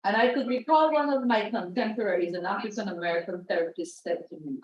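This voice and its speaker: A woman's voice: mid-range voice, fast talker, hardly any pauses. A middle-aged woman from Guyana, a mental health practitioner speaking in a panel discussion and telling stories with quoted voices. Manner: animated storytelling, acting out quoted voices. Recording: roomy, dull lo-fi sound.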